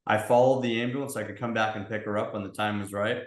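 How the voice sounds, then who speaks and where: A man's voice: on the low side, steady tone, fast talker. A man, a guest on a podcast, sharing a personal story in an earnest, reflective way. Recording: roomy echo.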